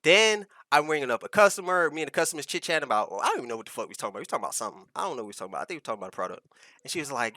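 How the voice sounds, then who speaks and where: A man's voice: medium pitch, big pitch swings, very fast, pushed and bright, no room sound, studio quality. A young man telling a rambling, profane story on a casual podcast, full of restarts and fillers. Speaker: podcast co-host.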